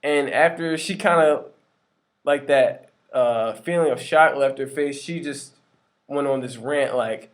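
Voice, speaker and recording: A young man tells a personal faith story in an earnest, chatty way, filling it with ums and likes. His voice sits at an ordinary middle pitch. He slips into the voices of the people he quotes as he talks. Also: measured pace. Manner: acts out quoted dialogue in shifting voices. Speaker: retail store worker sharing a faith testimony. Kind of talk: casual personal testimony vlog.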